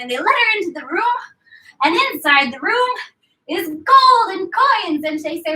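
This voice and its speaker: A woman's voice: extremely high pitch, animated, moderate pace, pushed and bright, distant mic. A woman fitness instructor leading a class, telling a playful story and mixing it with exercise cues. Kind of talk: story-based workout class cueing. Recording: echoey room, voice from afar.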